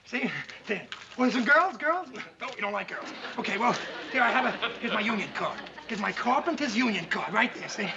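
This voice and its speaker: A flustered fake doctor. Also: male voice, high-pitched, expressive, creaky, noisy background. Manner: flustered, rambling, quick self-corrections. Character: nervous male carpenter faking a doctor, fast-talking. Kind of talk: 1960s sitcom acting. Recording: dull 1960s TV audio, studio audience laughter.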